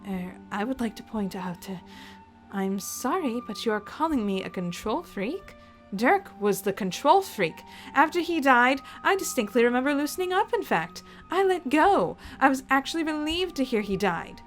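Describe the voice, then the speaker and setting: A woman reading as a controlling aunt, prim and falsely sweet. She speaks formally and looks down on everyone, in a fairly high voice over soft music. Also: big pitch swings, moderate pace. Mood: condescending.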